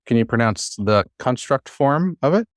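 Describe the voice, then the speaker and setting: A man's voice: medium pitch, expressive, normal speed, no echo. Encouraging male classroom teacher, dry sound. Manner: patient, encouraging, filler-heavy. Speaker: Hebrew teacher.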